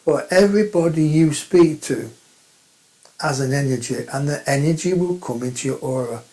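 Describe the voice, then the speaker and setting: Casting: male spiritual teacher, direct and emphatic, repeats his points, mellow tone. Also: fairly high pitch, normal speed, low-quality recording. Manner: plain-spoken, emphatic, repeats phrases. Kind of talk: spiritual talk to camera.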